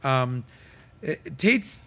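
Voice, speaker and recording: A man's voice: mid-range voice, sing-song, extremely slow, gravelly, sharp tone. A man hosting a podcast, giving emphatic, opinionated commentary in a casual way with plenty of fillers. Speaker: podcast host.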